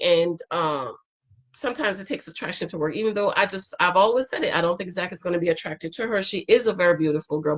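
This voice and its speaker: A middle-aged woman chatting casually as she recaps a reality show, animated and acting out what others say. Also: mid-range voice.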